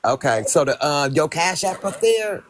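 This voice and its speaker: A man's voice: on the high side, lively intonation, normal speed, soft background music. A man calling in to a livestream, giving brief agreeable replies. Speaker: caller.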